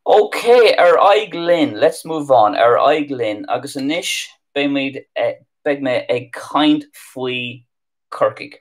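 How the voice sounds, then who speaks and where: A man's voice: medium pitch, slow, hardly any pauses. A man with an Irish accent teaching Irish place names on a live stream, thinking aloud with ums and restarts. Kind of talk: live stream lesson, casual explaining.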